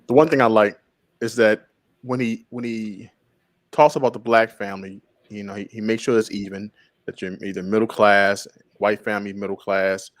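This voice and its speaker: A man discussing a book chapter in a casual group talk, animated and laughing, repeating phrases. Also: lowish voice, moderate pace, no room sound, studio quality. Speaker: book club member.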